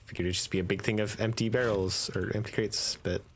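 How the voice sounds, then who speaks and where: A man's voice: fairly low pitch, fairly even intonation, fairly quick, a little hiss or hum. A man thinking aloud while playing a video game, casual and hesitant, often trailing off. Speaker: gamer. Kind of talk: casual let's-play commentary.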